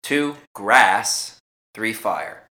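A man's voice: fairly low pitch, lively intonation, extremely slow, sharp tone, roomy sound. A man co-hosting a casual podcast, reading quiz questions and joking crudely with his friend. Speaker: podcast co-host, quizmaster.

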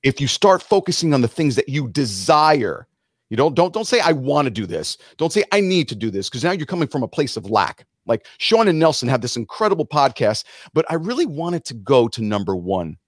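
A middle-aged man, a musician guest on a podcast, giving an animated motivational talk and acting out quotes in other voices. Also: medium pitch, brisk, dry recording, studio quality.

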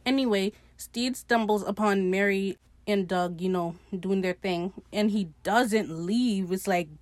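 A woman's voice: mid-range voice, a little slow, no room sound. A young woman casually recapping a TV episode on her podcast, chatty and sarcastic, swearing freely and laughing at her own jokes.

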